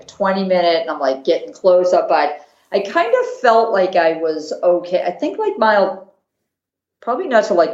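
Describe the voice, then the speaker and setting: A woman with a Boston accent tells her story in a casual, animated way and acts out what she was thinking. Her voice sits a little low for a woman. The recording is roomy and dull, with a lo-fi edge. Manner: animated, acts out her own inner thoughts. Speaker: podcast guest, marathon runner.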